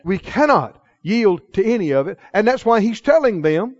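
High-voiced preacher in a lo-fi recording. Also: male voice, big pitch swings. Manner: emphatic, call-and-response with the congregation; slows for key phrases, acts out dialogue in quoted voices. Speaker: pastor. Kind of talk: sermon. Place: church.

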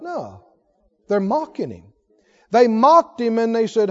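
A man's voice: extremely high pitch, big pitch swings, slow pace, pauses often, a little mellow. A man preaching a sermon who puts rhetorical questions to his congregation. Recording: long hall reverb, dull lo-fi sound.

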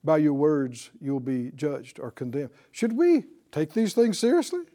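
A man's voice: a little high, unhurried. A male preacher giving a sermon, asking questions, quoting scripture and chuckling between points. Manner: animated, asks the congregation questions, quotes scripture.

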